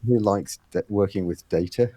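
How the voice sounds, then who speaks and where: A man's voice: deep voice, moderate pace, mellow. A man being interviewed on a podcast, explaining at length with many fillers and quoted exchanges. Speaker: guest, head of a fitness race series.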